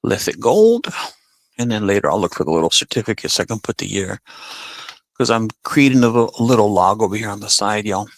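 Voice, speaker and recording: A man's voice: lowish voice, very animated, fairly quick, no room sound. A man hosting a casual live stream, chatting easily with his viewers. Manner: laid-back, chatty, talks to chat as y'all and buddy.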